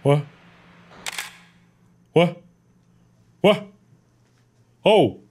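A young man hosting a horror game video, yelling and cursing at the game, then muttering to himself. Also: fairly high pitch, very slow, noisy background. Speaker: gaming video host.

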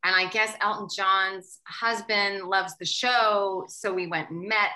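A woman from Canada, a guest in a casual interview, telling stories in an animated way and laughing often. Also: medium pitch, unhurried, rough recording. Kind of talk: casual chat.

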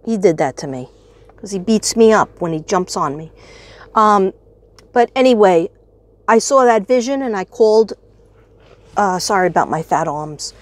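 A woman in her fifties, a retired teacher, chatting in a rambling, bubbly way on her astrology vlog, laughing often. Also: mid-range voice. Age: 50s. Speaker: astrology vlogger.

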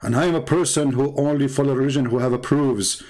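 A man's voice: mid-range voice, steady tone, quick pace, hardly any pauses, a little mellow. A man hosting a live stream, talking in scornful, sarcastic rhetorical questions with broken, non-standard English grammar. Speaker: livestream host. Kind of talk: mocking live-stream commentary.

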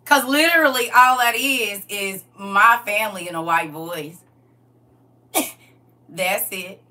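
A woman's voice: medium pitch, slow, bright, forceful tone. A woman chatting casually on a live stream, laughing often and talking straight to her viewers.

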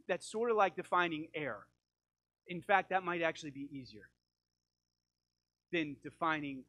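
A middle-aged man preaches a sermon in a church, switching from earnest appeals to playful asides where he acts out voices. His voice is bright and a little high for a man. The sound is close and dry, with little room echo. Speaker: pastor. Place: church sanctuary.

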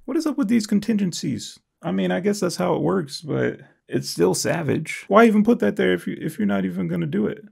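A young man with a heavily gravelly, husky voice reads out viewer comments and jokes about them. His pitch leaps around in a lively, playful way, from squeaky highs to low grumbles. He sounds self-mocking and casual throughout. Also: a little fast, hardly any pauses. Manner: jokey and self-mocking, swings from high squeals to low mutters. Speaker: YouTuber reading comments. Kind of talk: comedic comment-reading vlog.

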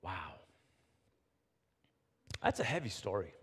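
A male pastor preaching a sermon, telling a story with animated retelling and frequent restarts. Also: fairly high pitch, normal speed. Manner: animated storytelling, rephrasing as he goes. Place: church sanctuary. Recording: reverberant church hall.

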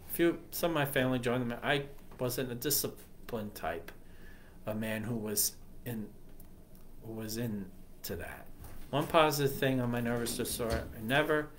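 A man who leads a ministry, giving a personal testimony in a halting, earnest way, often stopping to correct himself. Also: mid-range voice, a little hiss or hum. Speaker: ministry leader.

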